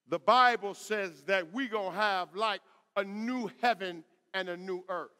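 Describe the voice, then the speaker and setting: Middle-aged pastor guy preaching slow, bright high voice, big echoey church. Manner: call-and-response preaching, rising to shouts. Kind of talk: sermon. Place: church sanctuary.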